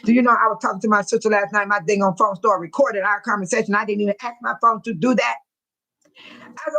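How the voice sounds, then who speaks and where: A woman's voice: mid-range voice, fast talker, sharp tone. An older woman hosting a casual livestream, reading chat comments aloud and laughing often. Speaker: livestream host.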